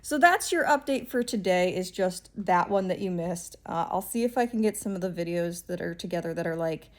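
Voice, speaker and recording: A woman's voice: lowish voice, lively intonation, brisk. Exasperated woman vlogger rambling along. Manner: rambling, exasperated and wry, with many fillers. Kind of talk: casual storytelling vlog.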